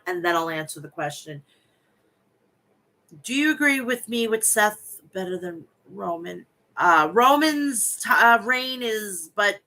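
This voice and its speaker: Woman, Long Island New York accent, nasal and bright-toned, blunt casual podcast host who swears freely. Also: lowish voice. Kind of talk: casual chat and recap reading.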